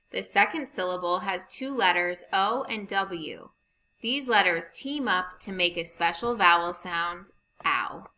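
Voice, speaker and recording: A woman teaching a phonics lesson over slides, reading rules and example sentences slowly and deliberately. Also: medium pitch, pushed and bright, rough recording.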